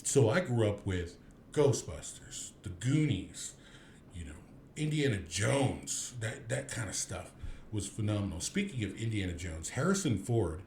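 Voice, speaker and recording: A man's voice: lowish voice, very animated, a little slow, darkish tone, reverberant, slight background noise. A man in his thirties hosting a movie review podcast, rambling casually with many restarts and fillers.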